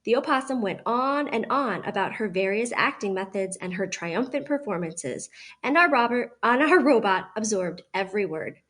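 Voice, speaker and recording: A woman teacher reading a children's novel aloud with expressive narration. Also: medium pitch, normal speed.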